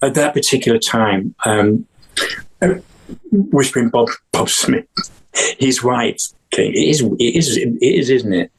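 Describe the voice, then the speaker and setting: An older man from England, a guest musician, telling stories in a rambling way with many restarts and acted-out quotes in a husky voice. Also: mid-range voice, lively intonation, a little slow, rough recording. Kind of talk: casual storytelling interview.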